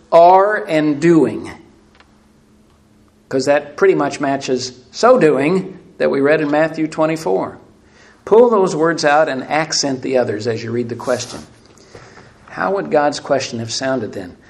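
A man preaching a sermon, asking emphatic rhetorical questions and swinging between loud and hushed delivery. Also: on the high side, unhurried. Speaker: pastor.

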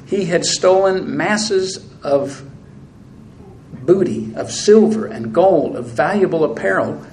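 A man preaching in an earnest, fairly high voice. He reads scripture aloud with rising intensity, and a faint hiss sits under the recording. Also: animated, slow pace, a little mellow, low-quality recording. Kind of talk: sermon.

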